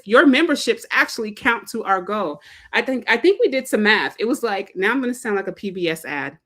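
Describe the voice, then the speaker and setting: A woman's voice: medium pitch, lively intonation, brisk, pushed and bright. A woman hosting a live fundraising stream, talking casually and animatedly, with lots of fillers and playful put-on quotes. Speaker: livestream host, fundraiser organizer. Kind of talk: casual livestream talk.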